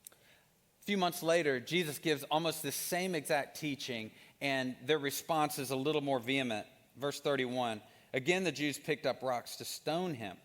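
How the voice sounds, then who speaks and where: A man's voice: medium pitch, normal speed, fairly bright tone, big-room sound. A man preaching a sermon, telling a story with rising animation and then reading scripture aloud. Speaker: pastor.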